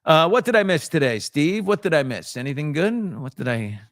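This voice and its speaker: A man's voice: a little high, animated, normal speed, no echo, clean studio sound. A man hosting a casual chat show, reading viewer comments off the cuff with frequent ums and restarts. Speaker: host.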